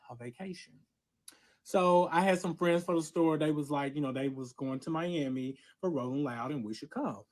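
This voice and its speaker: A man's voice: on the high side, no room sound. A man telling a personal story in a series, dramatic and full of swearing, acting out what others said. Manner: profane, dramatic, quotes others in voices.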